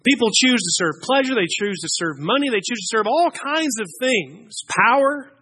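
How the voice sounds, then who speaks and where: A man's voice: sits high, animated, moderate pace, bright, forceful tone, slightly rough. A man preaching a sermon to his congregation, emphatic, pushing key phrases upward as he builds his points.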